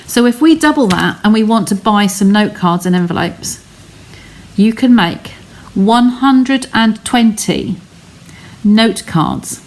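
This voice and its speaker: A woman's voice: medium pitch, a little mellow, slight background noise. A woman hosting a live craft stream from her home studio, explaining each step in a chatty way and talking to her viewers.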